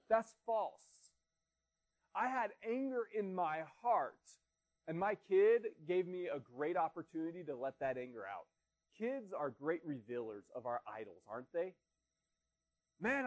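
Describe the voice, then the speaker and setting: A man's voice: high voice, big pitch swings, unhurried. A man, a pastor with children, preaching an earnest, conversational sermon full of rhetorical questions.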